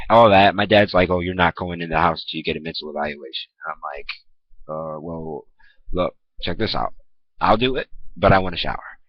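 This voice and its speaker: A young man telling a personal story in a blunt, profane, conversational vlog, acting out what people said. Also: dry recording. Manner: blunt, profane, conversational, acts out quoted lines. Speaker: vlogger. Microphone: camera mic. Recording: dull, muffled low-quality recording.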